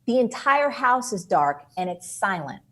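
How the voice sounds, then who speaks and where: A middle-aged woman from New Jersey, a guest author telling an animated story in an interview. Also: medium pitch, unhurried. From New Jersey, USA. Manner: lively, expressive storyteller.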